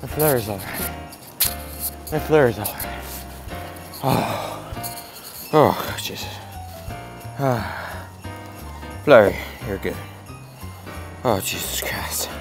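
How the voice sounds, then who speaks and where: A man playing a loud, crude, excitable hillbilly vlogger who swings between yelling and muttering. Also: medium pitch, extremely slow, vocal fry, long pauses, music in the background, heavily acted. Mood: rambling. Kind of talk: comedic character vlog.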